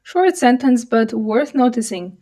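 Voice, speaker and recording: A woman with a somewhat high voice walks a learner through pronunciation in a calm, clear, patient way. She slows right down for each model sentence, and she is recorded outdoors while walking through a city. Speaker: Russian language teacher. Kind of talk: pronunciation lesson with slow model readings.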